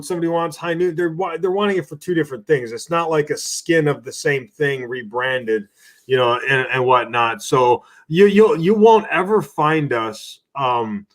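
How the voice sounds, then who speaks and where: A man's voice: a little high, fairly bright tone. A man in a casual livestream chat, thinking aloud and restarting his sentences. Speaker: game creator co-host.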